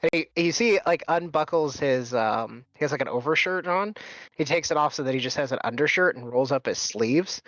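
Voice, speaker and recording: Man, game master, slightly high voice, casual rambling narration, dull dry sound. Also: expressive, brisk, a bit bright, no echo. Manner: casual, filler-heavy narration.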